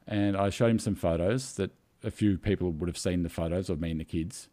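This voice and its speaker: A man's voice: deep voice, brisk, dark tone. A man co-hosting a casual live podcast, telling a story in a rambling, emotional way with many fillers. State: tearful. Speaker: podcast co-host.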